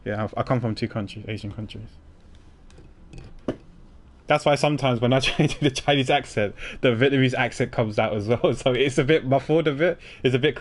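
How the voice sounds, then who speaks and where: A man streaming a video game, chatting casually, rambling and laughing often. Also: lowish voice. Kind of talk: casual chat.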